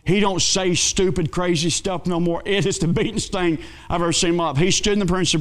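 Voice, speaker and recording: A male pastor, telling a folksy story in a sermon with dramatic swings between excited and hushed. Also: high-pitched, quick pace, hardly any pauses.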